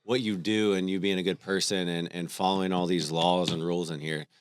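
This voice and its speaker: A man in his thirties, a podcast co-host, telling stories about his family in a relaxed, conversational way. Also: low-pitched, a little fast, smooth, dry recording, studio quality. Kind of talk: casual faith conversation.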